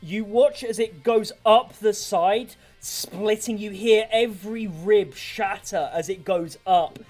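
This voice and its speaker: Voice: mid-range voice, slow pace, a little mellow. A game master narrating a tabletop fight in vivid, gory detail over faint background music.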